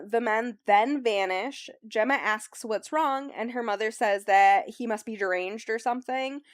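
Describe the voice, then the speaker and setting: This is a young woman with a fairly high voice, hosting a book club and giving a chatty summary of the book packed with ums and likes. It's casual talk, recorded at studio quality with no room sound.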